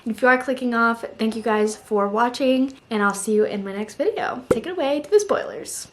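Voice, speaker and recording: A woman's voice: on the high side, fairly quick, noisy background. A young woman talking casually about books she read, chatty and full of "like" fillers. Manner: chatty, emotional, frequent "like" fillers. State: tearful, on the verge of crying. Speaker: book reviewer. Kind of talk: casual book review vlog.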